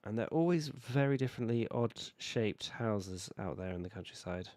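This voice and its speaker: A British man with a hoarse voice from a cold, casually chatting while he builds in a city-building game. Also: on the low side, moderate pace, no room sound. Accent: British English. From Britain. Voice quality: relaxed, rambling, self-correcting. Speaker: video game streamer. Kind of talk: casual gameplay commentary.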